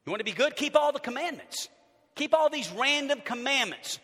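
A man in his fifties preaching a sermon as a pastor, swinging between loud bursts and hushed passages. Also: very high voice, animated, fairly quick. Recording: long reverb of a large hall.

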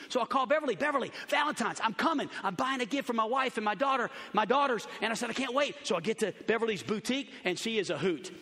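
A man preaching a sermon to his church, telling stories and acting out the voices of the people in them, shouting at the high points. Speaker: pastor. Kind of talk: sermon storytelling. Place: large church auditorium. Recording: long hall reverb.

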